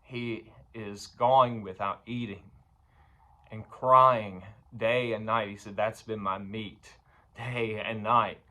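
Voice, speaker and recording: Male preacher, slow deliberate delivery, bright forceful tone, halting sermon style. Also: lowish voice, fairly even intonation. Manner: slow and halting, many fillers, rising louder on scripture.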